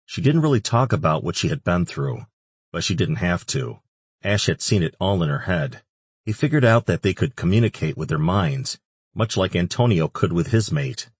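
A man narrating an audiobook in a measured, even reading. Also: sits low, husky, no room sound. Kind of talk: scripted narration.

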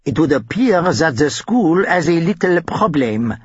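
A man's voice: a little high, big pitch swings, measured pace, slightly rough, no echo, highs cut off, full character voice. A man voicing a short-tempered, bald male French teacher with an exaggerated French accent, speaking curtly. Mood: stern. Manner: curt, barking. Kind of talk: audiobook character voice.

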